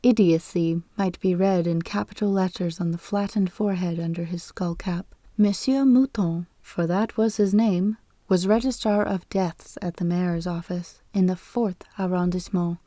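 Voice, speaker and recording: Female audiobook narrator, dark and mellow, dry close read. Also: on the low side, moderate pace, hardly any pauses, dry recording. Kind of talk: scripted narration.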